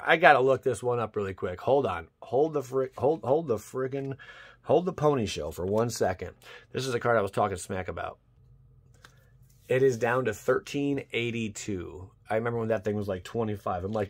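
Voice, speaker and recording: A young man hosting his channel, chatting casually as he opens card packs and bursting into loud cheers over good pulls. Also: medium pitch, lively intonation, moderate pace. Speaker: YouTube channel host. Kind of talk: casual card-pack opening commentary.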